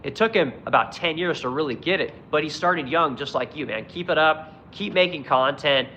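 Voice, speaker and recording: A man's voice: fairly high pitch, normal speed, bright, forceful tone, a little hiss or hum, poor audio. A man talking into his phone on a live stream, swearing constantly in a blunt, heated political rant while answering chat. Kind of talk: angry profane political rant.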